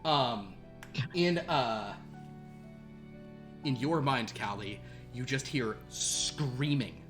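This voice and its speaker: A man's voice: mid-range voice, extremely slow, a bit bright, faint music behind. A man narrating a tabletop game as game master, rambling and playful. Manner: rambling, self-interrupting, playful.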